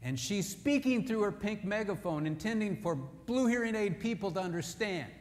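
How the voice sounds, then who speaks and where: A man preaching a sermon, telling humorous, animated stories to make his points. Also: high-pitched, moderate pace, long reverb tail, a little hiss or hum.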